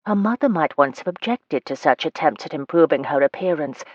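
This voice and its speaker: A woman with a low, steady voice reads a romance novel aloud as scripted narration, lifting her pitch a little for the characters' lines. The recording is dry and close, with a slightly muffled, dull tone. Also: a little fast, dry recording. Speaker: audiobook narrator.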